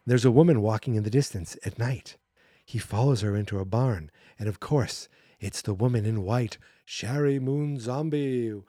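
Male podcast host, dry close mic, mellow dark tone, sarcastic rambling recap. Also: on the low side, moderate pace, husky, no room sound. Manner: sarcastic, rambling, acts out character quotes. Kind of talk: casual movie recap.

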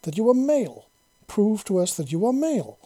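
A man's voice: on the high side, lively intonation, normal speed, mellow. A man voicing a fierce female reptilian alien commander who speaks in a commanding, accusing way.

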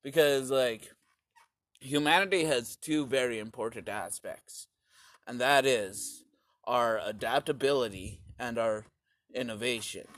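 A young man telling a crude, sarcastic comic story in rambling bursts, sometimes shouting. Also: medium pitch, a little slow, no echo. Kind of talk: rambling comedic storytelling rant.

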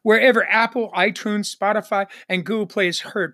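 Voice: mid-range voice, moderate pace, pushed and bright. A pastor delivering a broadcast sermon, repeating refrains and calling for an amen. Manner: repetitive preaching refrains, calls for amen. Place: Northern Arizona church ministry.

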